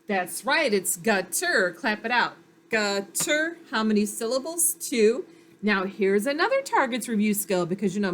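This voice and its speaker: A woman's voice: medium pitch, a little hiss or hum. A woman teacher giving a patient phonics lesson to young children, sounding out letters and praising them.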